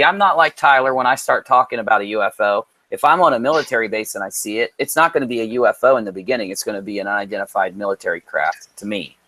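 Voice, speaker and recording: A man co-hosting a live stream, chatting casually in a playful, joking way. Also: on the low side. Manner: joking, playful, animated storytelling. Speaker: co-host.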